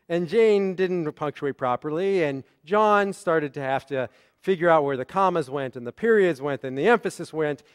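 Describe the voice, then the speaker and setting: A man's voice: on the high side, clean tone. A man, a rabbi, preaching a sermon in a conversational way, often checking in with the congregation. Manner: conversational, often asks "right?".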